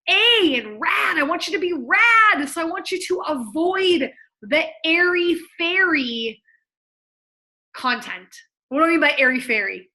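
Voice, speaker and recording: A woman in her thirties coaching on writing copy, talking in a lively, conversational way and acting out the readers she quotes. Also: a little high, rough recording. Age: 30s. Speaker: copywriting coach. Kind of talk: lively teaching to camera.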